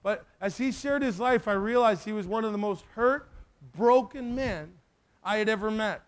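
Male preacher, high voice, emotional storyteller in a sermon. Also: moderate pace. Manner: emotional, animated storyteller who acts out the dialogue.

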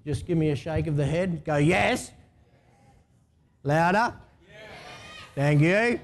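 A man's voice: a little high, measured pace, slight background noise. A man with an Australian accent preaching a sermon in an informal, talkative way and asking the congregation to answer him. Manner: conversational preaching, asks the congregation to respond. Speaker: pastor.

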